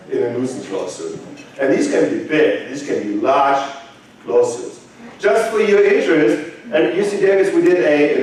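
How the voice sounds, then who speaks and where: A man with a German accent lectures a conference crowd, tossing questions to the audience and slipping in dry jokes. His voice sits a touch high and rings through a big, very echoey hall, heard from a little way off the mic. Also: a little mellow, distant mic. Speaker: conference speaker.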